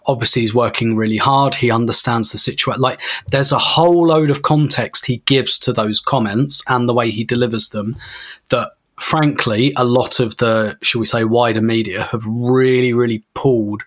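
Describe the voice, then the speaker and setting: Rambling, chuckling podcast guest, male. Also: medium pitch. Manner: rambling, animated, laughs as he talks. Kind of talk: casual podcast chat.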